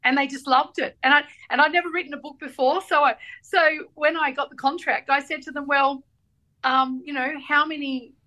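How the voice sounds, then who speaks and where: Bright-voiced, animated Australian woman. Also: sits high, a little fast, low-quality recording. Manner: animated storyteller, acts out voices in anecdotes. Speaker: guest author. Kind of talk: casual chat.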